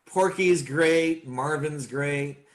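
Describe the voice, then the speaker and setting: Male voice actor, casual interview guest, slightly high voice. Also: slow. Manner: animated, slips into voices.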